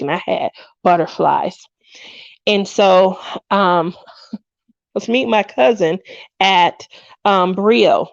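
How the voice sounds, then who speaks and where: A woman's voice: on the low side, vocal fry, a little mellow, no room sound, lo-fi sound. A woman in her fifties hosting a craft livestream, chatting casually and telling stories with frequent laughs, acting out what people said. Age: 50s. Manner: chatty storyteller who laughs often and acts out quotes.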